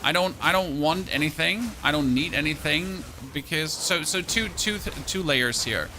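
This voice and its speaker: A young male streamer with a bright, forceful voice pitched a little high. He talks through his game choices aloud in a loose, chatty way and thanks viewers as he goes. A faint hiss sits behind him. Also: expressive, normal speed. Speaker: gaming streamer. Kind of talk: live-stream gameplay commentary.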